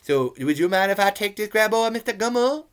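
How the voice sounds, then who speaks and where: A man's voice: high-pitched, animated, brisk, clean tone, voice pushed up. A man putting on an exaggerated mock accent to play a scheming man asking a favor. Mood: sly.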